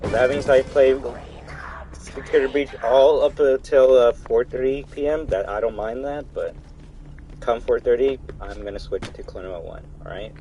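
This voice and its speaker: A man's voice: fairly low pitch, a little mellow, a little hiss or hum, low-quality recording. A young man chatting casually to his viewers while livestreaming a game, rambling and talking straight to chat. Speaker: streamer.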